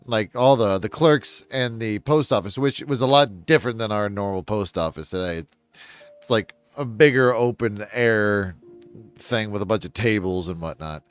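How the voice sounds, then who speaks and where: Man in a laid-back book vlog, smooth voice, meandering delivery, dry close-up sound. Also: fairly low pitch, no echo. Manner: rambling, chuckling, self-deprecating asides. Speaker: book reviewer. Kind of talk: casual book synopsis vlog.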